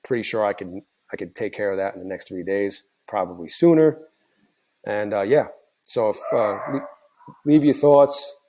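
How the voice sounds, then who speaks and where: A man with a tired, hoarse voice, casually recapping his day's trades for his channel, rambling and correcting himself as he goes. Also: fairly low pitch, fairly even intonation, brisk, darkish tone. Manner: rambling, self-correcting, many fillers. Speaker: trading channel host. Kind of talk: casual screen-share recap.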